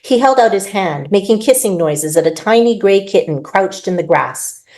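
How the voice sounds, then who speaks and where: A woman author reading her own urban fantasy novel aloud, in expressive first-person narration. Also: medium pitch, moderate pace.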